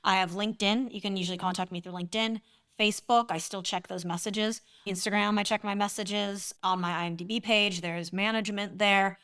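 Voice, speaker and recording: A woman musician being interviewed, telling animated stories and laughing often. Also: medium pitch, fairly quick, clear, resonant tone, dry recording, clean studio sound. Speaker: guest, singer and composer. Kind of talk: casual interview storytelling.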